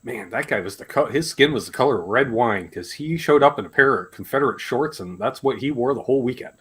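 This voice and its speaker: A Canadian man hosting a casual live chat, telling animated stories and swearing freely. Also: medium pitch, fast talker, slightly rough. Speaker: host.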